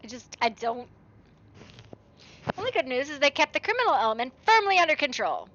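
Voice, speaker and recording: Young woman streamer, swears a lot, bright voice, kinda muffled mic. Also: sits high, big pitch swings, brisk, a little hiss or hum. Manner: casual, swearing, laughing, reading game text aloud. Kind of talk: game live stream commentary.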